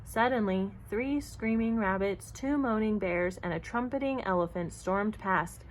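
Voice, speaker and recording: A woman narrates a children's picture book aloud. Her reading is expressive and even-paced, with a mid-range voice. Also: mid-range voice, unhurried, slight background noise, low-quality recording. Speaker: storyteller. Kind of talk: storybook read-aloud.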